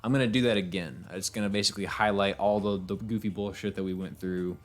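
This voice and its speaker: A man's voice: on the low side, steady tone, fast talker. A tired man streaming a game. He chats casually in a rambling, easygoing way, laughs often, and fills his talk with fillers. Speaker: game streamer and voiceover actor. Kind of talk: casual live-stream chat.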